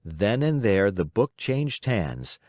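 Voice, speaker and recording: A man reading a classic children's storybook aloud in an expressive, dramatic way. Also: fairly low pitch, takes it slowly, dry recording, studio quality. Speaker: audiobook narrator. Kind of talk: scripted storybook narration.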